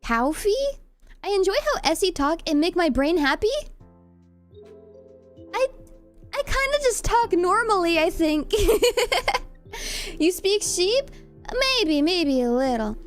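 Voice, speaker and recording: A young woman with a Californian accent chats casually with her viewers as a streamer. Her voice sits high and light, and she talks in a giggly, playful, self-deprecating way. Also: very animated, takes it slowly, pauses often, soft background music. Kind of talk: casual chat reading live comments.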